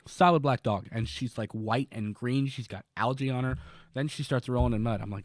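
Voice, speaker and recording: A man's voice: mid-range voice, brisk, no room sound. Rambling man, dry close mic. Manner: rambling storyteller, lots of fillers and restarts. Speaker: podcast co-host. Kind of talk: casual chat.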